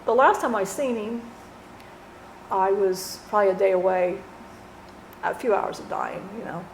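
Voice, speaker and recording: Woman, channeling testimony, earnest halting storytelling, roomy echo, faint hiss. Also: mid-range voice, gravelly. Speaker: channeler speaking as a departed friend.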